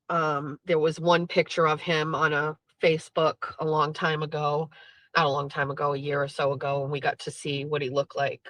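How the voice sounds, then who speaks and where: A middle-aged woman hosts her own show and tells a personal family story. She speaks in a bright, forceful voice, halting and emotional, and keeps stopping to clear her throat. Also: lowish voice, dry recording, rough recording. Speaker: show host.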